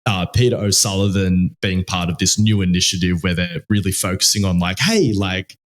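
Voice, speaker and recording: Sweary Australian man, low voice. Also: flat delivery, fairly quick. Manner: loose and sweary, with lots of fillers and restarts. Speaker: podcast co-host. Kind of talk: casual podcast chat.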